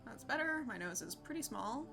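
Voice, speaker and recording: Young woman streamer, casual chatter, fairly high bright voice, soft game music behind. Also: expressive, normal speed, vocal fry. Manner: chatty, laughs often, talks to chat. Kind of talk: casual live-stream chat.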